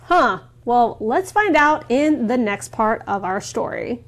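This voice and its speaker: A woman teacher slowly explaining words in a story for English learners. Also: fairly high pitch, animated, background noise. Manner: slow, clear explanations.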